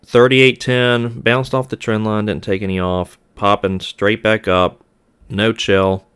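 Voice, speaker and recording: A man's voice: fairly low pitch, flat delivery, unhurried, a bit bright, clear, resonant tone. A man hosting a live trading stream, talking to viewers in a frustrated way, sighing and repeating himself. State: aggravated.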